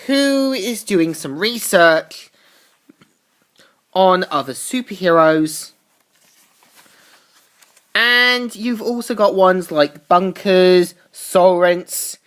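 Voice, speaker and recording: A woman reviewing a comic book, recapping the plot casually with asides. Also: on the low side.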